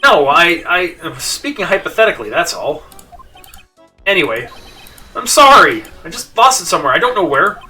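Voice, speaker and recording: A man's voice: on the high side, very animated, fairly quick, sharp tone, recorded from a distance, soft background music, full character voice. A man voicing a timid, gangly male crybaby thief who stammers and keeps backpedaling. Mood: nervous.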